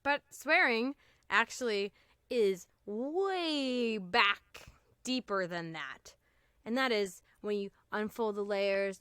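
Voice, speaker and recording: A woman co-hosting a casual comedic podcast, animated and joking, often laughing at her own bits. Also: mid-range voice, smooth, no room sound, clean studio sound. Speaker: podcast co-host.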